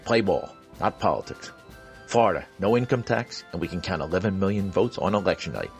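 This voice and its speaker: Low gravelly guy doing a folksy political radio ad, light music under it. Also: lively intonation, brisk. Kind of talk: scripted political ad read. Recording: ad with music bed.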